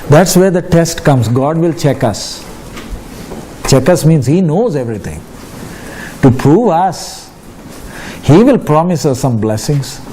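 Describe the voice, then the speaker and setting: A man's voice: fairly high pitch, animated, slow, pauses often, mellow, slight background noise. A male preacher giving a sermon, reading scripture aloud and questioning his listeners with emphasis.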